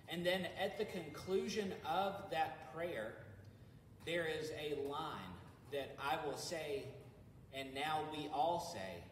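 A man's voice: on the high side, a little hiss or hum, low-quality recording. Man pastor leading a devotional. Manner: relaxed and conversational in the opening, solemn and louder in the readings and prayers. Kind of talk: devotional service reading and prayer.

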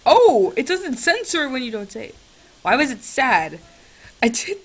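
A woman's voice: high voice, very animated, a little slow, slightly rough. A young woman vlogger chatting sarcastically with a chatbot, swinging between shrieks and mutters, on a computer's built-in mic. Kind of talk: casual chat with a chatbot.

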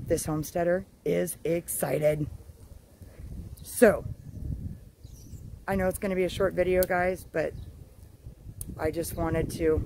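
A woman homestead vlogger chatting outdoors in her garden, gushing and exclamatory, with drawn-out words. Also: lowish voice, a little mellow, a little hiss or hum, poor audio. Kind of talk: casual excited vlog.

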